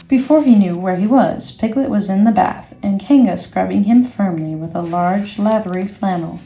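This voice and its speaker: A woman reading a children's book aloud with gentle, expressive storytelling. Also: mid-range voice, moderate pace, vocal fry, hardly any pauses. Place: indoors, workspace. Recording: echoey room, faint music.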